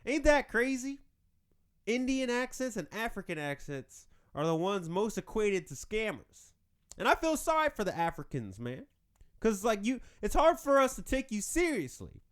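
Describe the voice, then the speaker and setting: A man's voice: high-pitched, big pitch swings, normal speed, a bit bright, smooth. A man hosting a podcast, rambling through a casual comedic monologue and laughing at his own jokes. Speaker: podcast host.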